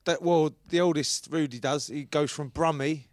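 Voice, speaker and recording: A man's voice: on the high side, fairly even intonation, normal speed, no room sound, clean studio sound. A man from East London with a Cockney accent, a guest trading cheeky, joking banter in a casual podcast chat. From East London, England. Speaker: podcast guest, rugby league player.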